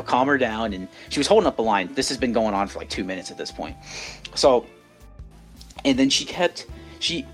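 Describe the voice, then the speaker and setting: A young man co-hosting a podcast, telling a story in casual chat, rambling with many restarts. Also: mid-range voice. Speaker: podcast co-host.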